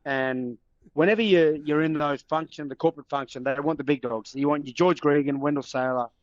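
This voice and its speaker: Host: lively Australian ex-player, slightly muffled dry mic. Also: male voice, on the high side, brisk, no echo. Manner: animated, laughing storyteller. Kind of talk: casual storytelling chat.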